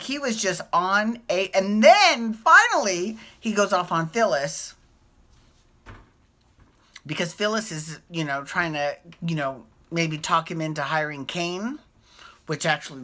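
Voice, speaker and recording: A woman hosting a soap opera recap vlog, talking in a casual, animated and profane way as she gushes and rants. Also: low-pitched, measured pace.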